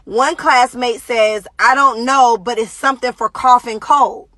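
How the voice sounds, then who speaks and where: Young mother on a live phone stream, shaken, halting, lots of fillers, higher voice, dry close sound. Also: fairly even intonation, bright, forceful tone, dry recording. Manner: talks directly to viewers, halting with many fillers. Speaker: parent giving a live video update. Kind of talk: emotional live-stream talk to viewers.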